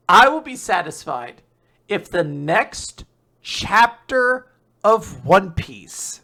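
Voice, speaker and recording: A podcast host casually recapping a manga chapter, animated and swearing freely. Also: mid-range voice, gravelly.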